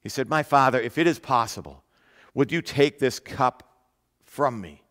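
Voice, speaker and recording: A man preaching a sermon in an earnest way, repeating key phrases and slowing down to stress them. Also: medium pitch, expressive, a bit bright, in a large hall. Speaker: pastor.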